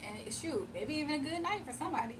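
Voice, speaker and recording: A woman's voice: high-pitched, lively intonation, fast talker, far from the mic, noisy background. A woman from the US East Coast chatting casually on a morning live stream, laughing often and reading viewer comments aloud. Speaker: live-stream tarot reader. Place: home, early morning.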